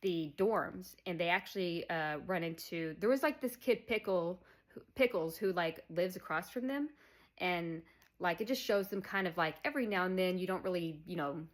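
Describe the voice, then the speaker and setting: A woman's voice: on the low side, lively intonation, normal speed. A woman casually recapping a film plot, chatty and full of fillers, laughing as she goes. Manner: chatty, many "like" and "um" fillers, laughs while retelling. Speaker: podcast host recapping a film.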